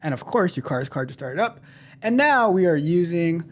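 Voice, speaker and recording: A man's voice: on the high side, big pitch swings, moderate pace, over loud music. A man hosting a tech livestream in casual chat, playfully reading viewer comments aloud and teasing them, often repeating himself. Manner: repeats phrases, loose and chatty.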